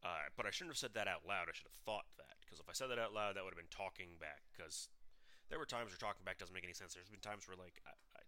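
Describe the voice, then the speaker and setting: Low-voiced man with a sharp, tense tone. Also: fast, no room sound. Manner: blunt, profane, frequent restarts. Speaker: podcast host. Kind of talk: solo podcast storytelling.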